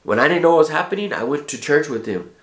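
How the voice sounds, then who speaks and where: A man's voice: a little high, animated, quick pace, a bit bright. A man telling a personal story in casual, heartfelt street slang, with frequent profanity. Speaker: vlogger. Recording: echoey room.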